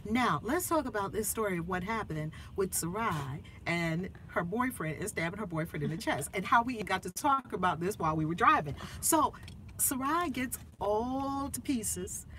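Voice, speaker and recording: A woman hosting her channel as a minister, telling a family story in casual chat, animated and laughing, acting out the voices of the people in it. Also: medium pitch, moderate pace, a little hiss or hum.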